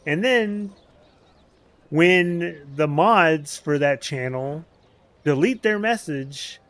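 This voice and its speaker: A man streaming a video game, telling a story in casual chat as an animated rant. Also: on the high side, extremely slow.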